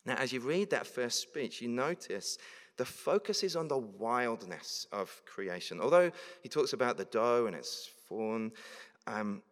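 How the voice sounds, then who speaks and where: A man's voice: medium pitch, lively intonation, measured pace. A man preaching a sermon, reading scripture verses aloud and then explaining them in a conversational way. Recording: long reverb of a large hall.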